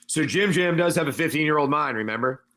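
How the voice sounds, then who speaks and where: A man game master narrates a wasteland tabletop adventure on a stream. He talks in a loose, rambling way with plenty of asides and calls on his players by name. His voice sits slightly high for a man. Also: lively intonation, fast talker, bright, forceful tone.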